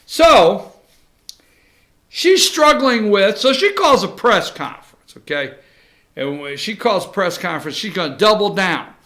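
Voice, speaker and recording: Male talk show host, bright and raised in pitch, animated with sarcastic asides. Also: measured pace. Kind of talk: casual commentary.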